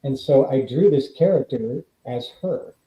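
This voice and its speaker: Speaking in a mid-range voice at a measured pace, this guest from California, an actor and author, tells stories in a casual interview chat, animatedly performing the quoted voices. The remote recording sounds dull and roomy.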